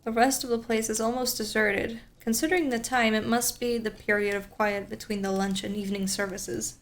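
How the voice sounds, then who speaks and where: A woman streamer reads a story game aloud and breaks off into chatty, rambling asides. Her voice sits a little high. A faint hum runs behind her. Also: steady tone, brisk.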